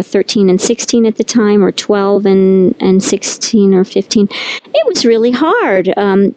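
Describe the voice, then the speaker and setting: A woman's voice: medium pitch, dark tone, low-quality recording. A middle-aged woman author talking candidly and with animation as a guest in an interview. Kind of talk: conversational interview.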